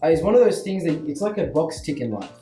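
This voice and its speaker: Earnest Australian maths teacher. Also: male voice, a little high, sing-song, fast talker, warm tone. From Western Sydney, Australia. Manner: earnest, emphatic, asks "right?" often. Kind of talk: casual chat. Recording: echoey room with faint music.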